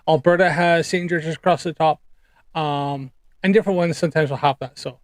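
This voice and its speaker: A man's voice: a little high, steady tone, brisk, dry recording. Rambling man, dry close sound. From United Kingdom. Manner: rambling, many ums and uhs. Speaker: streamer reacting to clips. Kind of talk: casual live-stream chat.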